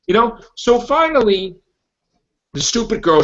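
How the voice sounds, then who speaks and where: A man's voice: on the high side, big pitch swings, moderate pace, a bit bright. A man hosting a podcast, ranting in exasperated disbelief about a movie and acting out quotes. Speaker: podcast host. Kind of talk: casual movie review chat. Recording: dull lo-fi podcast audio.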